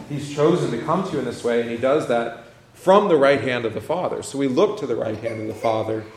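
Man, pastor, casual bible class teaching, conversational, faint noise. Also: mid-range voice. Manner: conversational, asks questions, many restarts.

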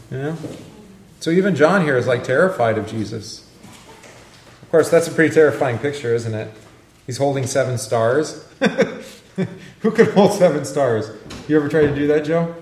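A man's voice: fairly high pitch, moderate pace, long pauses. A man leading a casual Bible study, joking and quizzing his class as he reads passages aloud. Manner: chatty, joking, asks the class questions. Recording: echoey room, faint noise.

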